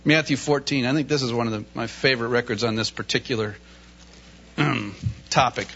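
A man preaching a sermon in an animated way, reading scripture and acting out the voices in it with laughter in between. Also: mid-range voice, brisk, vocal fry. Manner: animated, acts out Bible voices, laughs often. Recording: dull lo-fi recording.

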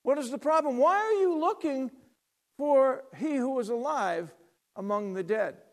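Man playing an angel, gentle, questioning, very high voice. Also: lively intonation, a little slow, exaggerated voice.

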